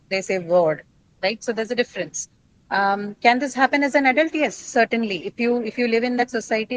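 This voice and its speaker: A woman's voice: mid-range voice, rough recording. A woman with an Indian English accent teaching an English pronunciation class, explaining step by step and checking in with the students. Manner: questioning, explanatory, frequent "right?" checks.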